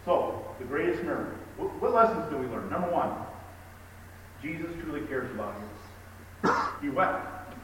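A man preaching a sermon, telling stories with animated emphasis and reading scripture aloud. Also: a little high, moderate pace, long pauses, slight background noise. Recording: echoey hall, distant mic with faint ambience.

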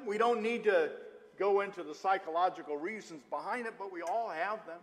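A middle-aged man preaching a sermon, telling stories with lots of filler "uh"s and an animated delivery. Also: high voice, moderate pace. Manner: storytelling, animated, with frequent "uh" fillers. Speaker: pastor. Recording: long hall reverb.

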